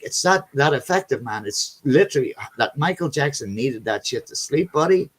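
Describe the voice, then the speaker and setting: A man's voice: medium pitch, expressive, normal speed, few pauses, slightly rough. A man hosting a casual video chat, telling rambling stories, swearing freely and calling people buddy and man.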